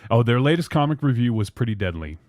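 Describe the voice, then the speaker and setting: A man's voice: medium pitch, sing-song, fast, a little mellow, dry recording, clean studio sound. A man hosting a casual podcast, reading fan tweets aloud in a loose, rambling way. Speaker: podcast host.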